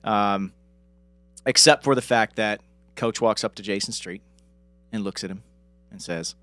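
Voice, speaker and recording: A man's voice: lowish voice, unhurried, pauses often, fairly bright tone, a little hiss or hum. A man co-hosting a podcast in casual chat, joking and rambling with lots of filler words. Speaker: podcast co-host.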